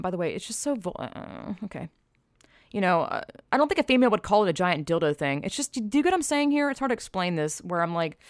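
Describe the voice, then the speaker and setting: A woman's voice: mid-range voice, no echo, clean studio sound. A woman giving casual spoken commentary, blunt and exasperated, sighing and stopping to restart as she reads aloud.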